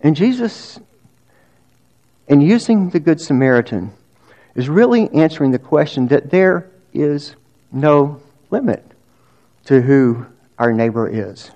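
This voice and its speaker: A man's voice: a little high, lively intonation, measured pace, long pauses, mellow. A male pastor preaching a sermon in a conversational way, with restarts and rhetorical questions.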